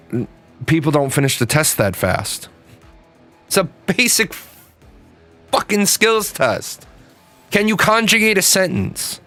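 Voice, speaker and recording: A man's voice: a little high, bright, forceful tone. A middle-aged man giving a casual opinion monologue and telling stories, blunt and emphatic, swearing freely. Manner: tells stories, acting out the quoted people. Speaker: video host.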